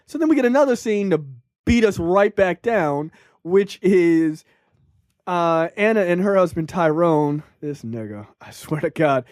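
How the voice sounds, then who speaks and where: A man co-hosting a casual movie review podcast, talking in an animated, profane way and acting out characters' lines. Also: sits high, unhurried, no echo, clean studio sound. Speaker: podcast co-host.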